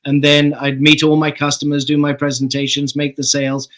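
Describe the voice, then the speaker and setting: A middle-aged man from Canada, a guest actor telling stories in a relaxed, chatty way, laughing and swearing casually. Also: fairly high pitch, brisk, poor audio. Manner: relaxed anecdotal storytelling, laughs and swears freely. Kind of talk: casual interview chat.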